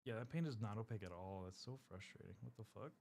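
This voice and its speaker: A man's voice: fairly low pitch, expressive, quick pace, gravelly, a little mellow, slight background noise. A man streaming while painting miniatures, chatting casually with his viewers, rambling and swearing often. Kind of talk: casual live-stream chat.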